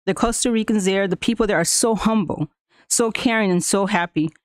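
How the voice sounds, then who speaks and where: Halting woman speaker, native Spanish speaker. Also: mid-range voice, dry recording, studio quality. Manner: halting, with frequent fillers and restarts; laughs often while telling a story. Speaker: school staff member addressing the board. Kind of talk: personal account at a public meeting.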